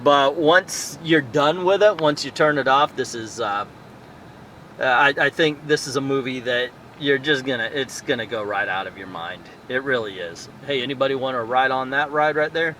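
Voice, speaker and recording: A man stands outdoors in a town at night giving a loose, rambling movie review, thinking aloud and drifting into tangents with many fillers. His medium-pitched voice is bright and forceful, moving at a moderate pace over slight background noise.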